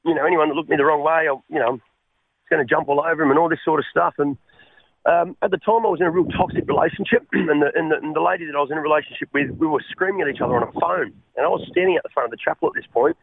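An Australian man telling his life story as a radio guest, halting and repeating words as he speaks. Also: on the high side, gravelly, breathy edge, no echo. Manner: halting, repeats words, calls the host mate. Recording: tinny phone line.

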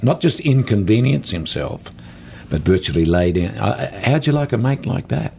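A man with an Australian accent, a guest author telling folksy stories in an animated way during an interview. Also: fairly low pitch, moderate pace, slight background noise. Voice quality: gravelly, husky. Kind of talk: storytelling interview talk.

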